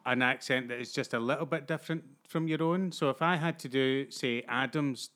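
A man with a Glaswegian Scottish accent, an actor guest talking in casual podcast chat, animated and sweary, often restarting his phrases. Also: medium pitch, a little fast.

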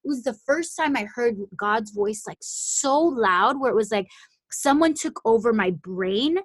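A woman's voice: a little high, lively intonation, measured pace, husky, dry recording. A young adult woman hosting a podcast, telling a personal story in a casual, chatty way, full of "like" and "um" and frequent restarts. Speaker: podcast host.

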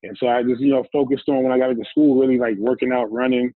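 A man's voice: mid-range voice, fairly even intonation, fast, no echo. A man, a former football player, telling his story as an interview guest in an easygoing, rambling way. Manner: easygoing, rambling, recounts scenes with quoted dialogue. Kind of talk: casual storytelling. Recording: tinny, phone-like dry line.

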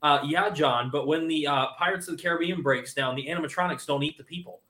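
A man's voice: a little high, fast talker, bright, forceful tone, reverberant. A young man co-hosting a casual podcast, talking eagerly and rambling with lots of fillers. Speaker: podcast co-host. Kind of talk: casual chat.

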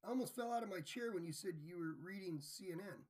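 An upbeat man hosting a casual podcast and introducing his co-hosts. His voice is husky and sits a little high. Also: quick pace, darkish tone. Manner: upbeat, hypes up the show. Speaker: podcast host. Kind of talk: casual chat.

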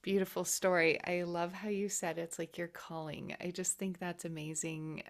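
A woman interviewer responds to her guest warmly and with open emotion, heaping praise on the story she has just heard. Her voice sits somewhat low for a woman. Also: little pitch movement, moderate pace. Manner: emotional, effusive. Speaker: host.

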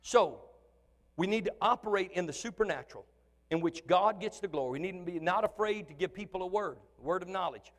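A man preaching as the pastor of a church, in an animated style that swings from shouting to soft conversational asides. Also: high-pitched, fairly quick. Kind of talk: sermon. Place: church sanctuary. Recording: long church hall reverb.

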